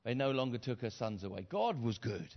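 A middle-aged man preaching with lively storytelling, slipping into character voices and building to loud repeated cries. His voice sits in an ordinary middle pitch. The recording sounds a little dull and lo-fi. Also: brisk. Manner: animated storyteller acting out voices, repeats phrases, builds to shouts. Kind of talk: sermon storytelling.

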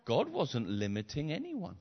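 A middle-aged man preaching a sermon, retelling a story with acted voices, repeated phrases and rising shouts. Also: fairly high pitch, huge pitch swings, measured pace, gravelly, breathy edge. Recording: slightly dull lo-fi sound.

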